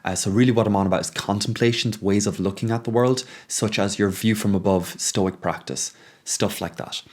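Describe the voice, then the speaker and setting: Guy with a lowish voice thinking out loud on his show, lots of ums, gets more pushy toward the end. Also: steady tone, moderate pace. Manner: musing, thinks aloud with frequent ums and restarts. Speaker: podcast host. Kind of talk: reflective monologue.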